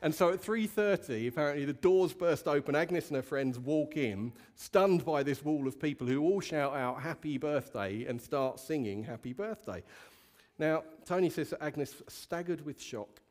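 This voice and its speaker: A male pastor preaches to his congregation in a relaxed, candid and conversational way. His voice sits a touch high for a man, and he keeps the talk loose and storytelling in tone. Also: normal speed, hardly any pauses. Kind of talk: sermon. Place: church hall with a congregation.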